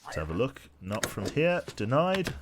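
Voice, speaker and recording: A man's voice: mid-range voice, very animated, normal speed, background noise. A young man chatting casually to his stream chat while playing, rambling and joking, on a desk mic. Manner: rambling, jokey, talks to chat. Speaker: game streamer. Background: game music.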